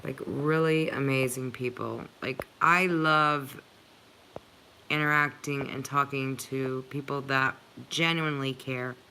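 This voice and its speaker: A woman's voice: a bass voice, steady tone, takes it slowly, bright, forceful tone, slight background noise. A woman hosting a livestream, chatting earnestly and emotionally with viewers, with many filler "likes". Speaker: channel host reading live chat.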